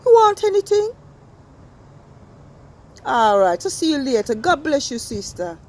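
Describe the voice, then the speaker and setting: A woman's voice: high voice, sing-song, a little slow, darkish tone, voice pushed up. A woman voicing a chatty older Jamaican woman on the phone, with a patois accent and a sing-song delivery. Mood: lively gossip.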